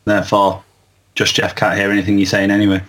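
A man in casual chat, reading out an article and explaining it in a measured way. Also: lowish voice, monotone, fairly bright tone.

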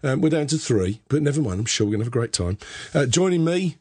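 A hoarse man hosting a casual podcast panel, chatty and self-mocking. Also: mid-range voice, sing-song, fast talker, a little mellow, no echo, clean studio sound. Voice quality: husky. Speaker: podcast host.

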